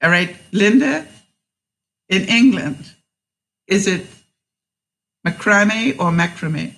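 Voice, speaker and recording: A woman's voice: medium pitch, expressive, slow, a bit bright, rough recording. Chatty, rambling woman livestreaming. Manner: chatty and rambling, laughs often. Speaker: vlogger hosting a livestream. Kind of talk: casual livestream chat, reading viewer comments.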